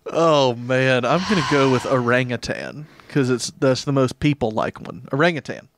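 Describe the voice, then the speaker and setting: A man's voice: medium pitch, lively intonation, moderate pace, background noise. Teasing man podcast co-host. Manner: teasing, wry banter. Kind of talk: casual chat banter.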